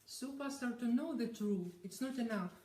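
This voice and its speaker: A woman's voice: on the high side, normal speed, warm tone, reverberant, far from the mic, low-quality recording. A woman asking a pastor questions in hesitant, giggly English with many restarts, English not being her first language. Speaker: interviewer. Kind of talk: casual conversation.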